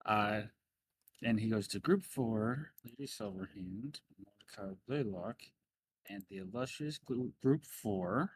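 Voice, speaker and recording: A man's voice: on the low side, a little slow. A man narrating a tabletop game as game master in a casual, filler-heavy way.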